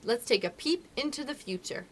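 A woman reading aloud and voicing a motherly young girl who tells a story and gently hushes the children around her. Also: on the high side, expressive, moderate pace, slight background noise, pitched above the performer's own voice, lightly acted. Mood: storytelling. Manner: earnest, gently scolding.

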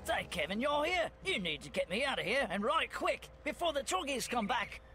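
A man voicing a trapped scout in a game, brisk and informal as he asks for help. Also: very high-pitched, sing-song, sharp tone, exaggerated voice. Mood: pleading. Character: trapped male scout, urgent and breezy. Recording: game audio over music.

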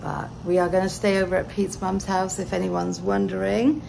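She's a British woman vlogging casually as she empties her house, tired and chatty with an emotional undertone. Her medium-pitched voice is gravelly with little pitch movement, her pace moderate and her accent British English. Background noise fills the home recording.

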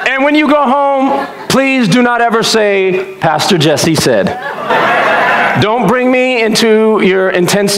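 Male pastor, sermon; animated storyteller, pitch swings widely, roomy church sound. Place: church sanctuary. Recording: echoey church room.

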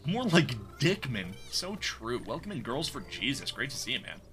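A man's voice: mid-range voice, big pitch swings, moderate pace, fairly bright tone, soft background music. A man streaming a game live, chatting casually, reacting aloud and greeting viewers in chat. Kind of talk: live gameplay commentary.

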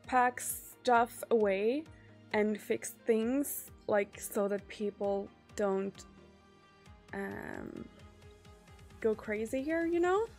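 A woman streamer chats with her viewers at a slow, unhurried pace, her voice sitting a little high. She swears freely and leans on fillers as she talks. Faint music plays behind her. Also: darkish tone. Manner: chatty, swears often, trails off with fillers. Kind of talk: casual chat with viewers.

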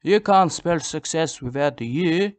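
A man's voice: on the high side, lively intonation, a little slow, dry recording. An older man, repeating himself in a boastful, mock-serious comedic monologue. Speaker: comedic vlogger.

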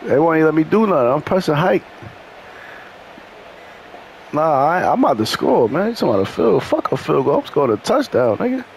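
A man trash-talking loudly and profanely at his opponent while playing a video game, laughing often. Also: a little high, very animated, fast, creaky, a little hiss or hum. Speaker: gamer.

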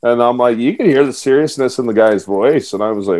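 A man's voice: mid-range voice, steady tone, brisk, hardly any pauses, mellow. Laughing man telling hockey stories. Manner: laughs through anecdotes, acts out quotes. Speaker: guest, former hockey player. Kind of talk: casual storytelling.

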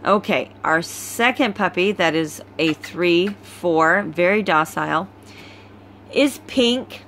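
Slow-talking tired woman on a phone recording. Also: lowish voice, expressive, fairly bright tone, slight background noise. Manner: slow, easygoing, chatty. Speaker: dog breeder. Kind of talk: casual puppy litter presentation.

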